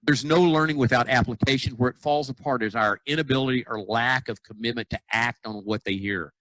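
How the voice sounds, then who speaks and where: A man who is an animated storyteller, acting out the people he quotes and tripping over his own words as he goes. His voice sits at an ordinary middle pitch, recorded close and dry with no room sound. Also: a little fast, no room sound, low-quality recording. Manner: frequent restarts and repeated words. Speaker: dentist and practice consultant guest. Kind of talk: casual podcast conversation.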